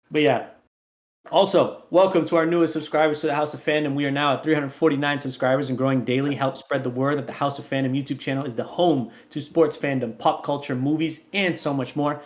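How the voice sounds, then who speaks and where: A man hosting a sports podcast, chatting casually and reading promos for the show in a playful, upbeat way. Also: mid-range voice. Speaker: podcast host.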